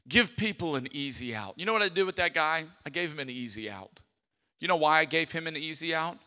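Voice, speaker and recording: Pastor guy preaching in a church, higher voice, big long reverb, acts out little stories. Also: fairly quick. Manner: animated storytelling, acts out quoted voices. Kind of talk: sermon. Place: church sanctuary.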